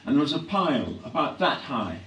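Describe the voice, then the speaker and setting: An older English man reflecting on his acting career in a live on-stage interview, clearing his throat often as his voice grows hoarse. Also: mid-range voice, sing-song, a little fast, fairly bright tone. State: voice growing hoarse. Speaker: actor being interviewed. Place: hall at a public event. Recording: echoey hall from a distance, faint hum.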